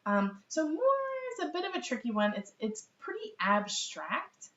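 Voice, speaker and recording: Full of ums and laughter, a middle-aged woman leads a casual, chatty live class teaching baby sign language. Her voice is a little high and fairly bright, with big pitch swings and a moderate pace. The webcam audio is roomy, distant and dull.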